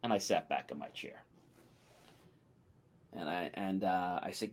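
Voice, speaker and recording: A man's voice: deep voice, moderate pace, long pauses. A man co-hosting a talk show, telling a long personal story and acting out the quotes. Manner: animated anecdote with acted-out quotes. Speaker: podcast co-host. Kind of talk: casual storytelling.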